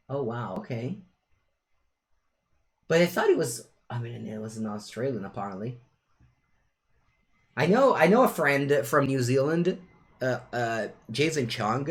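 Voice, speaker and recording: A young man with an Italian accent chatting casually with viewers while streaming a card game. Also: mid-range voice. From Italy. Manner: chatty, animated, switches between English and Italian phrases.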